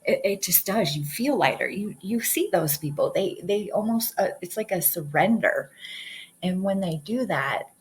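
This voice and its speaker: A woman's voice: mid-range voice, expressive, moderate pace, breathy edge, low-quality recording. A woman giving an earnest, encouraging spiritual talk in a casual way, often repeating her words. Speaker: hypnosis practitioner.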